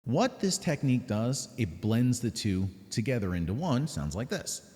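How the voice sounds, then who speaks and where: A man's voice: mid-range voice, sing-song, normal speed, warm tone, breathy edge. A man giving a casual singing lesson as a vocal coach, explaining technique in a pedantic way with short sung demonstrations. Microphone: close mic with added reverb at times.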